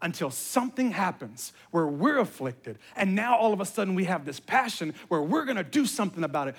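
Male pastor, 30s, high voice, animated sermon delivery that swells to near-shouting. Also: quick pace, few pauses. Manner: animated storytelling, acts out voices, rising to shouts.

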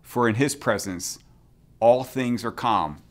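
A man speaking as a bishop, giving a short reflection in a gentle, measured pastoral way with phrase ends that drop softly. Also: mid-range voice. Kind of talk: short spoken sermon reflection.

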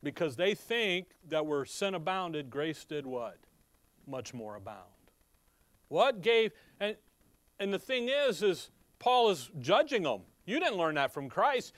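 A man's voice: high-pitched, very animated, measured pace, a bit bright, no room sound. A man with a slight Chicago accent teaching a Bible sermon, reading verses aloud and asking his listeners rhetorical questions in a conversational way. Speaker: preacher.

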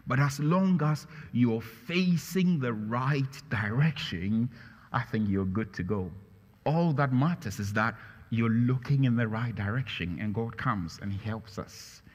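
Pastor, male, mid pitch; emphatic preacher who repeats lines, recorded in a reverberant church hall. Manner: emphatic, rises in pitch and volume on key phrases. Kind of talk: sermon.

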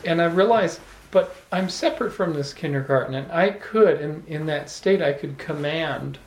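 A man telling a personal story to a small audience, animated, often laughing and restarting his words. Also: a little high, normal speed. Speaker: salon speaker. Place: room with a small live audience. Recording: echoey room.

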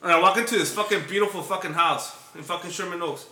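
A man's voice: sits high, quick pace, sharp tone, echoey room, far from the mic. A man hosting a podcast and telling a long story in casual, profane chat. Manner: profane, laid-back storyteller. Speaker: podcast host.

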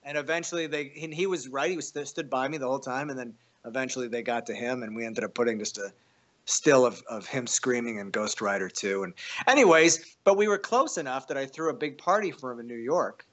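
A man's voice: fairly quick, fairly bright tone. A man telling a wild story in casual, profane conversation, acting out the quotes. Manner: profane, acts out quotes with pitch jumps. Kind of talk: animated storytelling.

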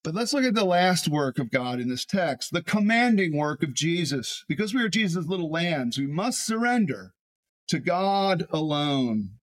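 A man, a pastor, preaching a sermon in an animated way, often repeating words as he builds a point. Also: fairly high pitch, moderate pace.

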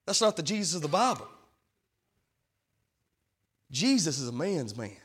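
A male pastor preaching a sermon, swinging from quiet, hushed passages to loud, fervent calls. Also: on the high side, big pitch swings, unhurried, slightly rough. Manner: preaching with big swings from soft to shouting.

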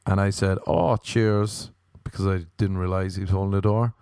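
A man's voice: low-pitched, level tone, fast talker, warm tone, clear, resonant tone, no echo, clean studio sound. A young Irish man telling rambling, self-mocking comic stories in a wry, chatty way. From Ireland.

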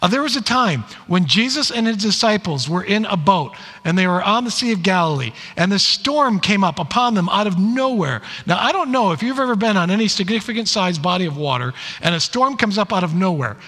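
A man preaching a sermon, telling stories in an animated way and acting out the quoted lines. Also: sits high, brisk, few pauses. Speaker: pastor. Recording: long hall reverb.

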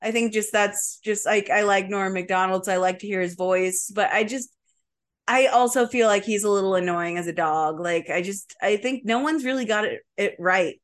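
A woman's voice: medium pitch, moderate pace. A woman co-hosting a casual comedy podcast, chatting loosely with many fillers. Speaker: podcast co-host.

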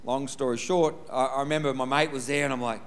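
A man's voice: medium pitch, steady tone, fast talker. A male pastor preaching a sermon through a personal story, conversational and humorous, often saying "listen".

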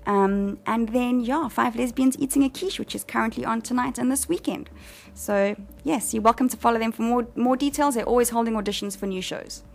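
A woman with a South African accent, a guest actress chatting enthusiastically in an interview, often pausing with um. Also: a little high, gravelly. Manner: warm, enthusiastic, frequent ums. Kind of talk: casual interview chat.

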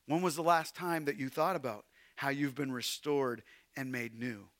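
A man delivering a sermon in a high, bright voice, recorded close and dry with no room sound. He moves from soaring, loud calls to soft, hushed lines. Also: no echo. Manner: preaching with swings from loud to hushed. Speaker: pastor.

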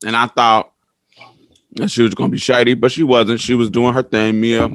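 A man co-hosts a podcast in easy, casual chat. He gives his view frankly and in plain words. His voice is recorded close and dry, with a mid pitch. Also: little pitch movement, moderate pace, fairly bright tone, dry recording. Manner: chatty, frank, gives opinions. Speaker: podcast co-host.

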